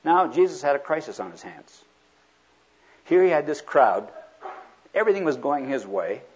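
A man preaches a sermon with a husky, slightly rough voice. His pitch rises and falls in big swings as he acts out the speakers he quotes. The recording is dull and lo-fi. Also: very animated, moderate pace, darkish tone.

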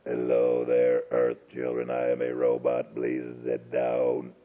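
A man voicing a robot talking to children in a slow, deep, mechanical monotone, heard over a tinny phone-like broadcast. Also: a little hiss or hum. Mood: commanding.

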